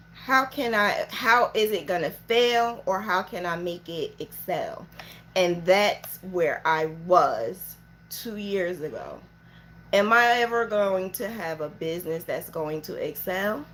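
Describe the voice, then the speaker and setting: A woman's voice: lowish voice, fairly bright tone, slight background noise. A woman with children, talking earnestly and emotionally in a motivational vlog about running her small business. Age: adult with children. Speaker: small business owner giving mentoring talk. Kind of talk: heartfelt motivational vlog talk.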